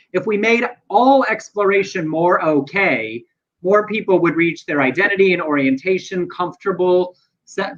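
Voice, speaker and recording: Earnest co-host dude, high bright voice, audio a bit dull. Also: male voice. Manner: earnest, reflective commentary with personal anecdotes. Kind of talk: live news chat show.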